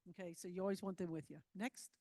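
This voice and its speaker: A woman's voice: on the low side, steady tone, fast talker, a little mellow, in a large hall. A woman giving a live security training talk to volunteers, moving through slides in a loose, conversational way and often checking in with her listeners. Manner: loose, filler-heavy phrasing.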